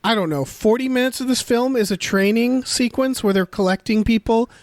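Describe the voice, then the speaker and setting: A man's voice: extremely high pitch, fairly quick, no echo. A man co-hosting a podcast in casual chat, rambling and acting out quotes from a film. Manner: rambling, animated, acts out quotes. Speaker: podcast co-host.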